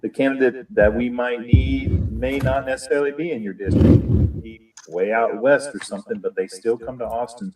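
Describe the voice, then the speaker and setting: A man speaks plainly and directly at a middling pitch on a video call. He sits far from the mic, with faint noise in the background. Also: darkish tone. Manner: matter-of-fact and direct. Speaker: deputy director of finance. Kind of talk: casual video-call meeting.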